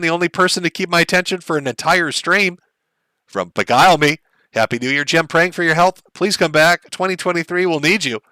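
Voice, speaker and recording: A man's voice: fairly high pitch, bright, forceful tone, no echo. A middle-aged man hosting a livestream, reading viewer messages aloud in a wry, joking way and laughing at his own jokes. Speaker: livestream host.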